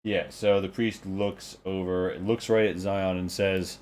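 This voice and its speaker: A man narrating as game master of a tabletop game, relaxed and loose with fillers. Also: low voice, unhurried.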